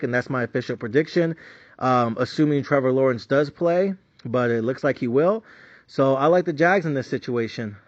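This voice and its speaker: A man's voice: mid-range voice, no echo, muffled recording. Profane, frustrated male sports bettor. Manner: profane, frustrated ranting with many fillers. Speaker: sports betting vlogger. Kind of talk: casual betting picks monologue.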